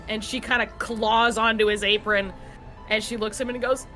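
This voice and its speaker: A woman running a tabletop game, narrating in a loose, easygoing way full of "like" and "um". Her voice is bright and forward, with faint music behind. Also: a little high, level tone, brisk. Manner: casual, filler-heavy storytelling. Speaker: game master.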